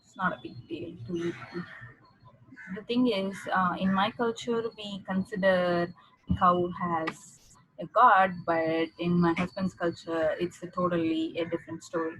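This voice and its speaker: A woman's voice: on the low side, steady tone, unhurried, fairly bright tone, a little hiss or hum, poor audio. A woman teaching an English speaking exam class online, explaining step by step and repeating key phrases for her learners.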